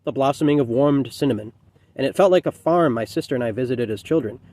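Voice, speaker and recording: A man reading as a calm, wistful old man. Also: medium pitch, fast talker, close to an everyday voice. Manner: calm, wistful, matter-of-fact. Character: serene old man recalling dying.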